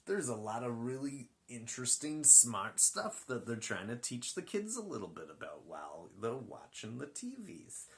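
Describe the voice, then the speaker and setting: A man's voice: mid-range voice, big pitch swings, moderate pace, few pauses. A man chatting into his phone at home late at night while he stretches, joking and mocking himself, and trailing off mid-thought. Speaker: vlogger reviewing a show. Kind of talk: rambling casual chat while stretching.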